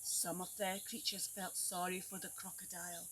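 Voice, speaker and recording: A woman teacher reading a picture book aloud to young children, animated and coaxing them to join in. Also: fairly low pitch, normal speed, slight background noise. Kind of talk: storybook read-aloud for children. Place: outdoors at a tree house.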